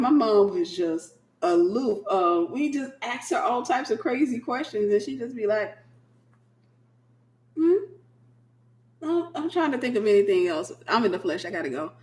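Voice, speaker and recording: A woman minister hosting a casual late-night livestream, a sleepy, animated storyteller. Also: mid-range voice, moderate pace, echoey room. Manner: animated storyteller who acts out quoted voices.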